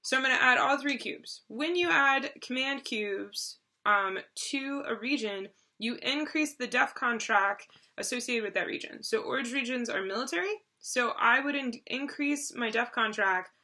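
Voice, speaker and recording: On a board game video she co-hosts, a woman talks through the rules in a relaxed way, often restarting and using fillers. Her voice sits on the high side, moving at a moderate pace with a bright, forceful edge.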